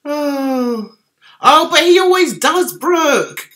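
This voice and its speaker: A woman's voice: sits high, big pitch swings, drawn-out words, long pauses, a bit bright. A middle-aged woman with a Cockney accent, casually chatting on a livestream and answering viewers' comments. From London, England. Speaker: livestream host reading chat. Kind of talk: casual chat.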